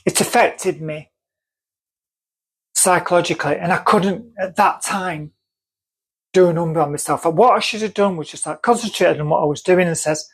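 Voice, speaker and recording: A woman's voice: fairly low pitch, normal speed, breathy edge. A woman with a North Manchester accent telling a personal story to camera, earnest and emphatic, repeating phrases for stress. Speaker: vlogger.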